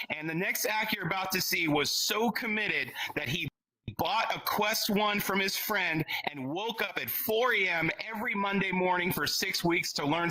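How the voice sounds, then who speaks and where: A man's voice: high-pitched, bright, forceful tone. A man hosting a comedy show, introducing acts in a hyped, announcer-like way. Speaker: show host.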